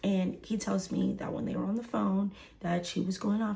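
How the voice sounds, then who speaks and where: This is a young woman with a Southern Houston accent telling a messy personal story in a storytime vlog. Her voice has a noticeable gravelly fry at mid pitch. She keeps it casual and lively, acting out each quoted line. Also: unhurried. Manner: animated, acts out the quoted voices, repeats lines for emphasis.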